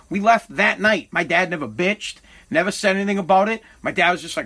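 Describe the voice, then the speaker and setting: A man's voice: high voice, fairly quick, few pauses, bright, forceful tone, husky. A middle-aged man from Massachusetts, a podcast host, telling a candid personal story in a rambling, profane way, full of self-corrections and heavy with regret.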